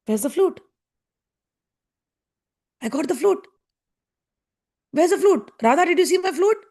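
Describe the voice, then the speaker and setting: A woman's voice: fairly high pitch, normal speed, gravelly, darkish tone. A woman voicing a young male god who pleads tearfully and searches anxiously for his lost flute. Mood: frantic. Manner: pleading, tearful, repeated questions.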